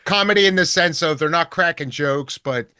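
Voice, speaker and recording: Southern man, bright voice, dry mic. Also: on the high side, normal speed, smooth, no echo. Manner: laid-back, rambling, profane recap. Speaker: podcast co-host. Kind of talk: casual horror movie review chat.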